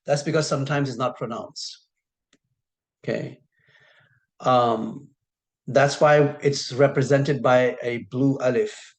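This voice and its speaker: A man teaching an online lesson at an ordinary middle pitch. He is patient and methodical, saying the same short sounds again and again and slowing down sharply on the words he wants to stress. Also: fairly even intonation. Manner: patient, repeats key sounds slowly and stretches words for emphasis. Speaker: Arabic teacher.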